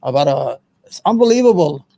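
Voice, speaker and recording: A man's voice: on the high side, sing-song, brisk, vocal fry, warm tone. A man hosting his own show, giving angry, profane, emphatic political commentary. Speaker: show host.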